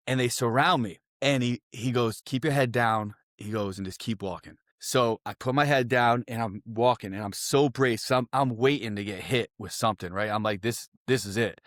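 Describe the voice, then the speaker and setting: A young man from Connecticut telling a wild story on a podcast, animated and profane, full of "I'm like" and "right?". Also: mid-range voice, dry recording, studio quality. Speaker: podcast guest. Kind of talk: casual storytelling.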